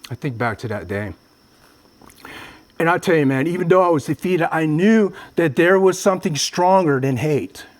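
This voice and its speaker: A man from Vietnam giving a public talk, telling a personal story earnestly and addressing the audience directly. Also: a little high. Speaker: motivational speaker. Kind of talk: public speech.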